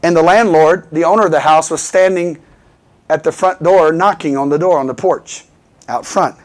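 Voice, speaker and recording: A fervent male preacher with a fairly high voice, delivering a call-and-response sermon. He keeps pulling the congregation in with repeated calls for "Amen.". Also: normal speed.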